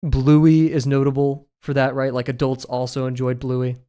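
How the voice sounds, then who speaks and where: A man's voice: medium pitch, completely flat delivery, moderate pace, dark tone, clean tone. A young man chatting casually while he draws on a livestream, rambling and giggling with lots of filler words. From United States. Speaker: streamer.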